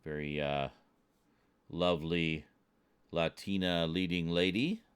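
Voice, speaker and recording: A man's voice: deep voice, fairly even intonation, slow pace, clean tone. A British man streaming, chatting casually with his chat and joking, often chuckling at his own jokes. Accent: British English. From Britain.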